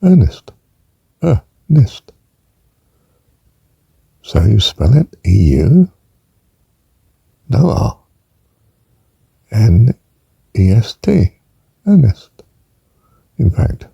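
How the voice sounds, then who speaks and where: A man's voice: fairly low pitch, very animated, slow, gravelly, pauses often, warm tone, breathy edge, no echo. An older man giving an informal spelling lesson, rambling and musing aloud, drawing out words as he says them and adding chuckling asides. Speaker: teacher.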